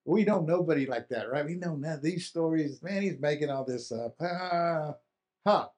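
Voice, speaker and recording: Male pastor, casual, repeats words for emphasis, slightly high-pitched. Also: moderate pace, darkish tone. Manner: conversational, repeats and restarts for emphasis. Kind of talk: sermon.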